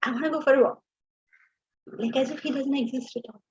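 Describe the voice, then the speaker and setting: A woman giving a class lecture as a Vedanta teacher, lively and asking her students rhetorical questions. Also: high-pitched, a little fast, muffled recording.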